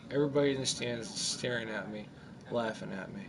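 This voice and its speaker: A man in his forties casually telling a rambling story over his gameplay, animated and full of restarts. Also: medium pitch, fairly quick, a crowd in the background. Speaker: gamer narrating his gameplay.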